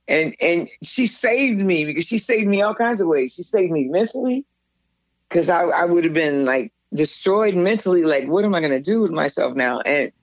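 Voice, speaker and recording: A woman's voice: on the low side, expressive, normal speed, no echo, muffled recording. Older woman rambling through memories. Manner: rambling, frequent restarts, acts out quoted voices. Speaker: interview guest. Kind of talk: candid personal storytelling.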